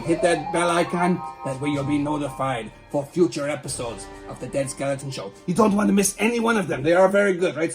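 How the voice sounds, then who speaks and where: A man hosting a comedy show, reading a tabloid article aloud and breaking off with playful, teasing asides to a silent puppet sidekick. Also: a little high.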